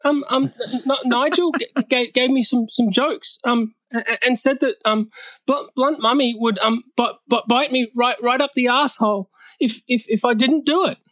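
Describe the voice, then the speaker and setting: A man's voice: extremely high pitch, normal speed, a bit bright, dry recording, voice pushed up. A man voicing a timid young man who stutters heavily through roast jokes, full of ums and broken restarts. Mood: nervous stammering.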